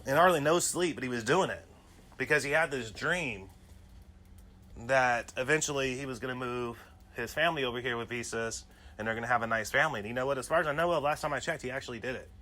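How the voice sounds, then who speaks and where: A man's voice: medium pitch, fast talker, sharp tone. A man hosting his own podcast, telling personal stories in a casual, rambling monologue full of "you know" asides. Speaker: podcast host.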